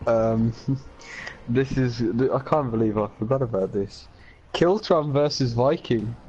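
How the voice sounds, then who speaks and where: Brief: man, mid-pitched, excitable gaming chat, faint background hiss. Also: unhurried, dull audio. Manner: excitable, gets loud and high when hyped.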